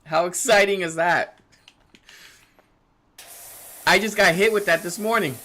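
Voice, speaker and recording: A man in his thirties chatting casually on a live game stream, rambling, laughing often, answering chat. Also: unhurried. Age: 30s. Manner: animated, jumps in pitch when excited. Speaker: livestreamer playing a game.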